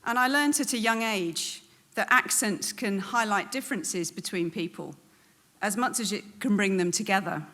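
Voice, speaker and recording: In an event venue hall, a woman from England with a southern English accent delivers an earnest, prepared welcome speech as host. Her medium-pitched, fairly bright voice pauses often on "um."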